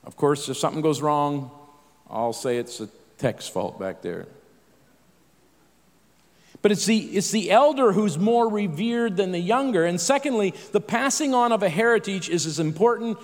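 A man's voice: high voice, expressive, brisk, big-room sound. A middle-aged man preaching a sermon in a conversational way, with self-deprecating asides and frequent restarts.

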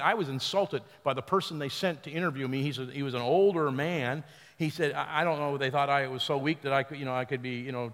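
A man's voice: fairly high pitch, fairly bright tone, in a large hall. A man preaching as pastor, retelling a story with quoted voices and leading the congregation in declarations. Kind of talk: sermon. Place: large church hall.

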